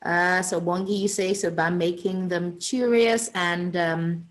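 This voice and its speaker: A woman's voice: on the low side, fairly even intonation, measured pace, low-quality recording. A woman teaching an online revision lesson, chatty and teasing, with many fillers and restarts.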